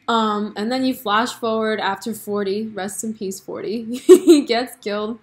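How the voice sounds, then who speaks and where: A woman in her twenties chatting casually on her vlog, animated and full of fillers. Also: mid-range voice, measured pace. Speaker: vlogger. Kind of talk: casual chat about a TV show.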